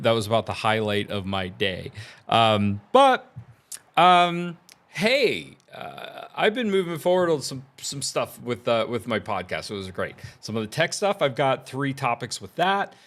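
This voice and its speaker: A man's voice: medium pitch, big pitch swings, a little slow, a bit bright. A man rambling casually about audio gear and his plans, with lots of fillers and easy laughter. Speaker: tech vlogger. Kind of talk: casual vlog chat.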